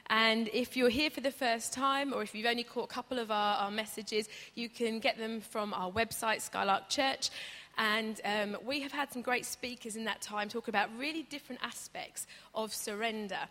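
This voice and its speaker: A woman's voice: on the high side, steady tone, moderate pace, pushed and bright. A woman preaching a conversational sermon, chatty and humorous, acting out stories as she goes. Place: church hall. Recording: reverberant church hall.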